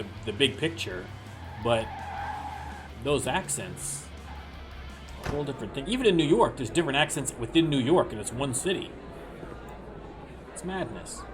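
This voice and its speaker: Chatty Canadian man streaming a game. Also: mid-range voice. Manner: chatty, wanders off on tangents. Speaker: gaming streamer. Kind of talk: let's play commentary. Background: game music.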